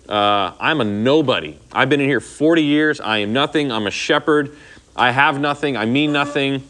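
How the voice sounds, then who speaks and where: A man's voice: mid-range voice, normal speed, a bit bright. A man teaches scripture to a small group in an easy, conversational way. He keeps checking in with "okay?" and acts out the lines he quotes. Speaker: Bible teacher. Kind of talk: informal Bible study teaching.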